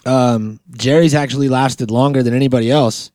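A man hosting a comedy podcast, rambling in casual chat and deadpan mock-boss banter. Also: mid-range voice, moderate pace, no echo, clean studio sound. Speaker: podcast host.

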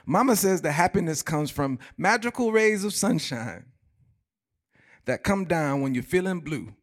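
A man's voice: a little high, animated, measured pace, voice pushed up. A man voicing a naive, awkward young water boy who earnestly repeats what his mama says.

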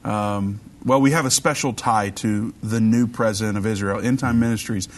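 Animated American male talk show host. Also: fairly low pitch, moderate pace. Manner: animated, jokey, hesitant with fillers. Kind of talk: casual radio talk show chat.

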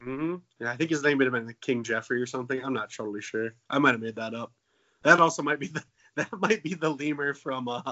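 A man's voice: mid-range voice, pushed and bright, highs cut off. A man in his late twenties, joking and swearing in a casual comedic chat as a podcast co-host. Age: 20s. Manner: jokey, profane, playful.

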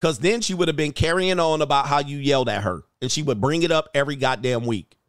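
A dating coach with a fairly high voice gives blunt, profane reaction commentary, speaking fast and smoothly. He shoots off mocking rhetorical questions and laughs at his own points. The sound is dry and close, with no echo.

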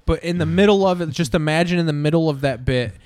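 Man telling a story in halting bursts. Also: on the high side, darkish tone, no room sound. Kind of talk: casual chat.

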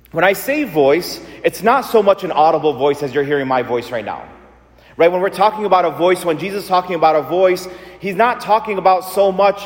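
Lively preaching man in an echoing church. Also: a little high. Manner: animated, conversational preaching with rhetorical questions. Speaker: priest. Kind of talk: sermon. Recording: long church reverb.

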